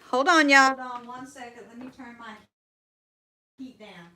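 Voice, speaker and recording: A bright, fairly high-voiced woman with a Southern US accent chats through a crafting livestream. She talks in a folksy, rambling way and says "y'all" often. She trails off and restarts her sentences as she works. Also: steady tone, moderate pace. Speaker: furniture upcycling livestream host. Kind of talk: casual livestream chat.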